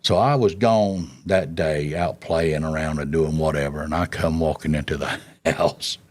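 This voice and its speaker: A man with a low, deep voice recounts his past for an interviewer. He talks in a folksy drawl and chuckles through the story. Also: steady tone, normal speed.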